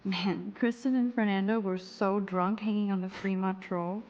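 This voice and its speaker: A shy, introspective young photography student from a video game, voiced by a woman. She murmurs her thoughts quietly, half to herself, at an ordinary mid pitch. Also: steady tone, normal speed, muffled recording, natural voice. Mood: musing. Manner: quiet, self-mumbling inner monologue.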